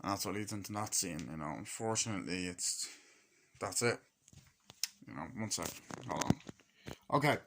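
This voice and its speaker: A man with a fairly low voice talks through a film review in a loose, rambling way. He swears freely and keeps slipping into bits of acted-out dialogue. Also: moderate pace, long pauses, a bit bright, slight background noise. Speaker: movie reviewer. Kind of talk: casual rambling movie review.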